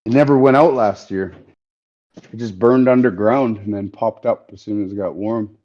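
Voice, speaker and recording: A mellow-voiced man chats casually and jokes while hammering metal on a live stream. The audio is dull and lo-fi. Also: fairly low pitch, normal speed. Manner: joking, laid-back, talks while hammering metal. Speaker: bladesmith streamer. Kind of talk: casual livestream chat while working.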